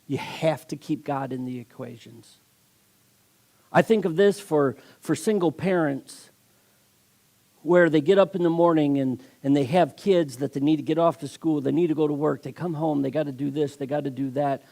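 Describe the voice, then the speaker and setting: Male guest preacher, gravelly, a bit high, emphatic storyteller, sermon delivery. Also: moderate pace, warm tone. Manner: storytelling with acted voices, emphatic.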